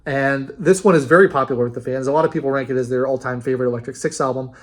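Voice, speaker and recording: A man's voice: mid-range voice, very fast. A man casually ranking a band's albums in a rambling, enthusiastic monologue, with many fillers and restarts. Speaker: music reviewer.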